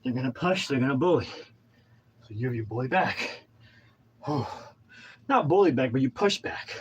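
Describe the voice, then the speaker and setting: A man's voice: mid-range voice, animated, normal speed, dull audio, slight background noise. Out-of-breath man in his thirties. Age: 30s. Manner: pumped-up, preachy, rambling with restarts. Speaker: vlogger. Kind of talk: casual motivational talk while exercising.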